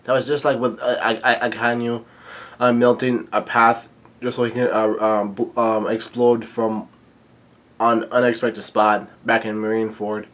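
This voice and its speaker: A man casually narrating a comic read-along, halting with many fillers. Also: medium pitch, flat delivery, a bit bright. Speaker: channel host reading a comic aloud.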